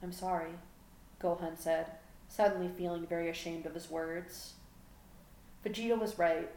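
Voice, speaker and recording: A woman narrates prose in a steady, even reading voice that sits on the low side. Her home recording is roomy and echoey, with a faint hum running underneath. The delivery stays calm and measured. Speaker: fan fiction audiobook reader. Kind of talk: story narration.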